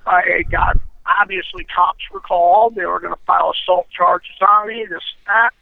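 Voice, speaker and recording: Gravelly high-voiced man on a phone line. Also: normal speed, no room sound. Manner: blunt, profane, animated, keeps checking in with "you know". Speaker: interview guest. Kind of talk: candid storytelling interview. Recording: tinny phone line, dry.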